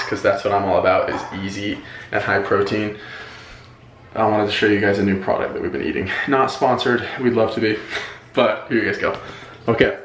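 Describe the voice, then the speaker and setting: Dad filming at home, chatty with sing-song baby talk, roomy echo. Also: male voice, lowish voice, slight background noise. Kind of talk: casual home video chat.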